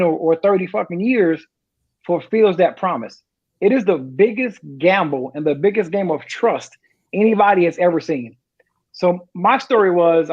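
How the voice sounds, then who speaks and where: A man, a retired sergeant major telling profane, animated stories in casual chat. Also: sits high, dull audio. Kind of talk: casual storytelling.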